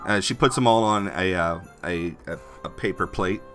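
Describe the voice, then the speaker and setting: A man's voice: deep voice, moderate pace, a bit bright, soft background music. A man narrating a tabletop game as game master, in a rambling, filler-heavy way.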